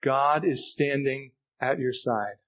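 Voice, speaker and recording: Male pastor, sermon, emphatic repetition, husky tone, muffled sound. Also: mid-range voice, slow pace. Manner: earnest, emphatic preaching with repetitions. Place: church sanctuary.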